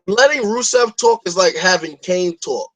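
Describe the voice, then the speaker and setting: A man's voice: high voice, animated, moderate pace, fairly bright tone, poor audio. A man hosting a podcast in a casual chat, opinionated and rambling, swearing freely. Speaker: podcast host.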